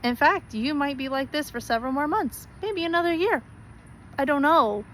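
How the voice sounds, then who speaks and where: A woman's voice: high-pitched, moderate pace, fairly bright tone, a little hiss or hum, rough recording. A woman speaking straight to her viewers in an earnest, pleading way, repeating herself for emphasis. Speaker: spiritual vlogger. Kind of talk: heartfelt direct-to-camera talk.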